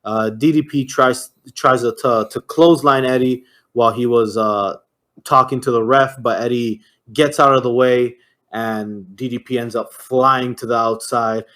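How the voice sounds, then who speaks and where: This is a young man talking on a podcast in a loose, unscripted way. He narrates action move by move, stumbling over fillers and dropping curse words. His voice sits at an ordinary middle pitch. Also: steady tone, moderate pace, a bit bright. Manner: rambling play-by-play with frequent fillers and cursing. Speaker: podcast co-host. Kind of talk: casual chat recapping a wrestling match.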